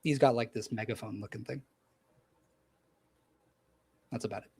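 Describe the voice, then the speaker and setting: Male game master, husky voice, casual, rambling narration for a tabletop game. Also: medium pitch, fairly even intonation, racing, mellow, rough recording. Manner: casual, filler-heavy narration.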